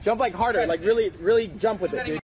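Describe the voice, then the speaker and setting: A man's voice: high voice, fast talker, noisy background. A young man in a comedy sketch, talking casually in a bragging slacker way.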